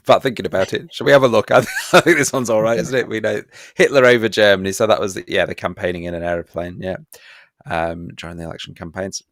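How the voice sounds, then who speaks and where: Low-voiced man running a playful revision quiz. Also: steady tone, fast talker, a bit bright, no echo, clean studio sound. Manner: playful and self-mocking, chuckles often. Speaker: history teacher. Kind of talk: live online revision session.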